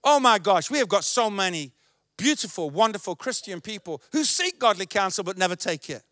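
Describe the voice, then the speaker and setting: A man's voice: high voice, lively intonation, fairly quick, sharp tone, no room sound, studio quality. A male pastor preaching a sermon, emphatic and repetitive.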